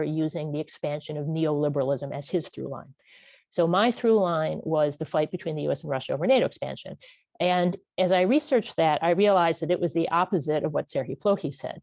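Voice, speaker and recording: A middle-aged woman historian, discussing her book in a measured, analytical way and repeating key words for emphasis. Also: low-pitched, mellow, no room sound. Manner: precise, repeats words for emphasis, restarts phrases. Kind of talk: academic talk, measured and analytical.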